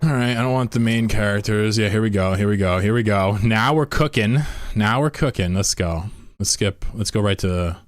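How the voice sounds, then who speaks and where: A young man with a low voice streams a game, chatting in a loose, playful way. He gets excited and tries out impressions between remarks. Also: normal speed, no echo, clean studio sound. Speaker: gaming streamer. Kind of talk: casual chat.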